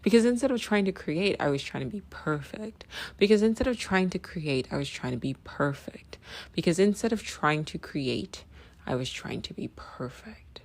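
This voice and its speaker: A woman's voice: fairly low pitch, expressive, normal speed. A woman hosting a podcast who talks bluntly, repeats her points for emphasis and keeps checking in with "right?". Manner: emphatic, repeats phrases, asks "right?" often; blunt, swears freely. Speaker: podcast host. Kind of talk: casual opinion monologue.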